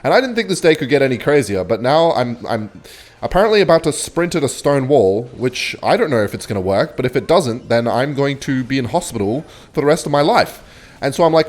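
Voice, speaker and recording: A young man with a London accent, casually telling a comic, swearing story while playing a game, with quick jumps in his voice. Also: medium pitch, animated. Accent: London English. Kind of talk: casual storytelling over gameplay.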